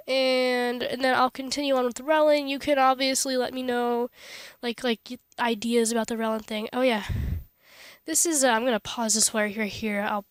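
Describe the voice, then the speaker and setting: A woman's voice: a little high, dry recording, clean studio sound. A teenage girl rambling casually in a vlog, goofy and self-mocking, with many stumbling restarts. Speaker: vlogger.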